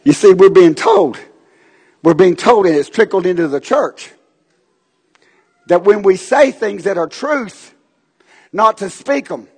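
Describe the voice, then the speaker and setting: A preacher delivers an impassioned sermon, his voice climbing into shouted bursts. He speaks unusually high for a man, with a gravelly, husky edge. The sound rings out with the long reverb of a church sanctuary. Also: lively intonation, measured pace, pauses often. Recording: long echoing hall reverb.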